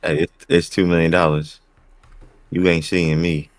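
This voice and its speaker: A man's voice: sits low, flat delivery, a little slow, no echo. A man co-hosting a podcast in casual chat, with short, teasing interjections. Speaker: podcast co-host.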